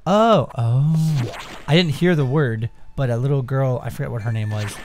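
A man's voice: mid-range voice, normal speed, a little hiss or hum. A man chatting casually and swearing while coaching a friend through a video game. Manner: laughing, swearing, backseat gaming. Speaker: co-host watching a let's play. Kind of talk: casual gaming chat.

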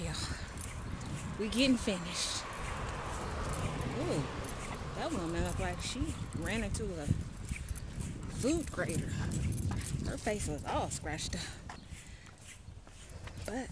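A woman's voice: medium pitch, lively intonation, slow pace, long pauses, heavy background noise. A woman chatting casually to her viewers while walking her dog outdoors, slipping into baby talk. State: sweaty, a bit out of breath. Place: outdoors on a neighborhood walk.

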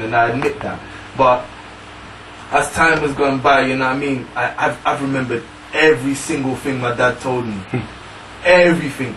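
A man's voice: mid-range voice, fairly bright tone. Hesitant young man, echoey distant mic. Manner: hesitant, filler-heavy. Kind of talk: casual discussion. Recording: roomy, distant mic, faint noise.

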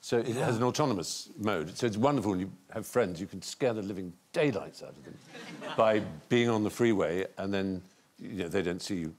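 A man's voice: fairly low pitch, brisk. A man, a talk show guest telling anecdotes and acting out other people's lines. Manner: lively storyteller, acts out other people's lines. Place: TV studio with audience.

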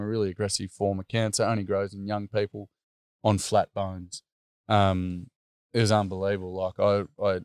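A man's voice: lowish voice, smooth, no room sound, clean studio sound. A middle-aged Australian man telling a personal story earnestly, with many fillers. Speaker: interview guest.

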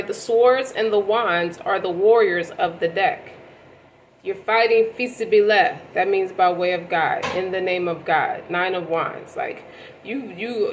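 A woman's voice: medium pitch, a little hiss or hum, poor audio. A woman giving a casual tarot reading to camera, rambling and slangy, often stopping to correct herself. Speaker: tarot reader.

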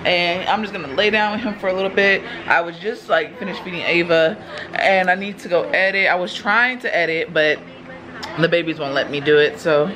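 A woman's voice: lowish voice, brisk, crowd noise. A young woman chatting casually to her phone camera as a mom vlogger at home, calling her viewers y'all. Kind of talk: casual vlog talk to camera. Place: at home with babies. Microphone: phone held by hand. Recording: noisy home phone recording.

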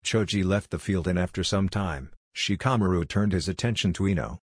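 Deep husky male story narrator. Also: fairly quick, no room sound, clean studio sound. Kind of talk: scripted fan-fiction narration.

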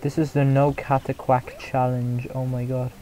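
A young man chatting casually while streaming a game, mocking his own play, reacting out loud and laughing often. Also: mid-range voice, level tone, moderate pace, poor audio. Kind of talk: casual live gameplay commentary.

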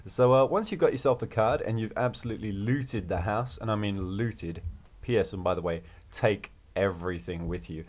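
A man with a slightly low voice talks viewers through a video game as he plays. His delivery is casual and upbeat, chatty and joking, as he shares tips and thoughts along the way. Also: moderate pace, a little mellow. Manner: upbeat, chatty and jokey, with playful rhymes and laughs. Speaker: video game walkthrough host. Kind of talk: casual gameplay commentary.

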